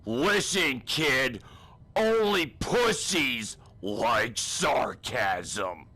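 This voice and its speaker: A crude, bullying drill sergeant, as a man puts him on, barking slow, deliberate orders. The voice is bright and pushed, with a gruff, mocking edge, and the delivery stays unhurried. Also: medium pitch, animated, full character voice. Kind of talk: comedic spoof acting.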